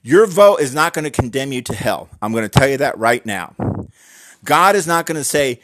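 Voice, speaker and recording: A man giving an earnest, emphatic opinion talk, speaking directly to the listener and slowing down to stress key words. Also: medium pitch, lively intonation. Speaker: Christian commentator on voting.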